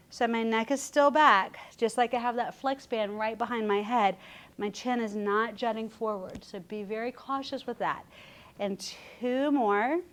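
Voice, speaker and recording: Woman guiding a Pilates class. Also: on the high side. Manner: calm, counting breaths while demonstrating. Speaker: Pilates instructor. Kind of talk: guided exercise instruction.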